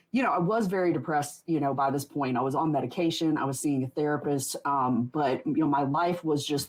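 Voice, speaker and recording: Guest, woman in her 40s: husky, low-pitched, laughs a lot as she tells stories. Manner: rambling, laughs often, many restarts. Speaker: podcast guest. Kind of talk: casual interview storytelling.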